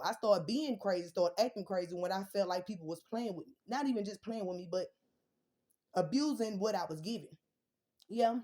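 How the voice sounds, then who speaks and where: A young woman ranting bluntly and defiantly about her family and her kids, swearing often. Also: mid-range voice. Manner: profane, blunt, defiant, rising to shouts. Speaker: vlogger. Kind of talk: heated personal rant.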